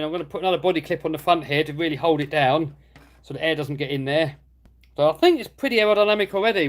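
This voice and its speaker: A man with a light London-area English accent, chatting casually and self-deprecatingly as he hosts a live stream and answers viewer comments. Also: a little high. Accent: London-area English, lightly Cockney. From England. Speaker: host of a hobby channel live stream.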